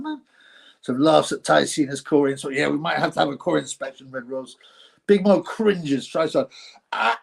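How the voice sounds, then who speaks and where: A middle-aged Englishman hosts a loose live stream, reading out viewer comments and rambling from one thought to the next. His voice sits a little high and carries a gravelly rasp. He laughs often and sometimes drops into mock announcer voices.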